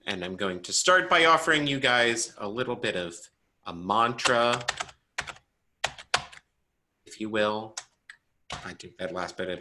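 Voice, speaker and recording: Lively, bright-voiced male braille teacher. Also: fairly low pitch. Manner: playful, animated explaining with quizzing of students. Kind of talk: online class instruction.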